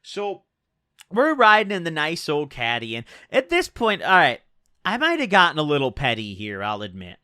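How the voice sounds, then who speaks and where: A young man telling a personal story on his channel, animated and exasperated, swearing freely. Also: on the high side, normal speed, dry recording, clean studio sound. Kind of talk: storytime vlog.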